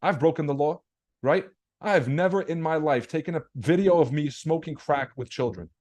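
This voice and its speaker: A young man leads a trading webinar, chatting through the markets in a casual livestream; his high-leaning voice has a darkish tone and a normal speed. Expect blunt talk, slang, swearing and rhetorical questions directed at viewers.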